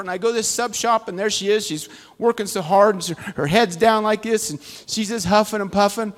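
A man's voice: high voice, steady tone, brisk, few pauses. A man teaching a Bible study, giving a conversational, folksy sermon full of humorous stories. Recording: long church-hall reverb.

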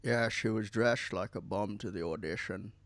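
A man's voice: lowish voice, moderate pace, a bit bright, dry recording. A man co-hosting a podcast, casually reading out a list and joking. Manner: reads from a list, light joking. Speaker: podcast co-host. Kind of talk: casual chat.

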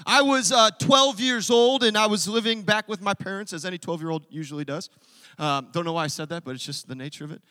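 A man with a very high, bright voice preaches a sermon. He tells his story with energy and acts out the quotes as he goes. His voice rings with long reverb through a large church hall. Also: a little fast. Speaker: pastor.

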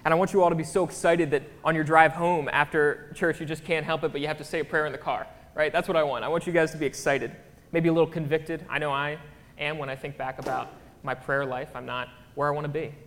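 This man talks fast in a high-leaning, fairly even, somewhat bright voice, with a little hiss or hum in the audio. Preaching casually in a church with long hall reverb, he stays chatty and keeps checking in with the congregation.

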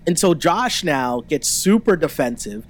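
A man walks through an episode in a loose, chatty podcast recap. His voice sits a little high for a man, and he keeps dropping quick quoted lines from the people he describes. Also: sing-song. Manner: retells scenes in quick bursts, quoting people. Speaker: podcast co-host. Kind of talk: casual recap chat.

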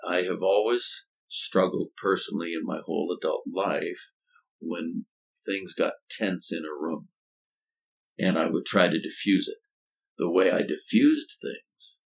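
A deep-voiced older man with a gravelly, creaky edge talks through ideas in a conversational, storytelling way. He often doubles back on his words and drops in homespun phrases. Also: poor audio. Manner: thoughtful, halting restarts, folksy turns of phrase. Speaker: former college president and speaker.

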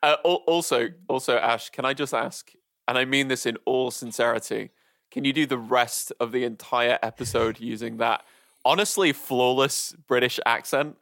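A man co-hosting a podcast, talking about films in an animated way, laughing often. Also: mid-range voice, moderate pace, dry recording, studio quality. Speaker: podcast co-host. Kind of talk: casual film discussion.

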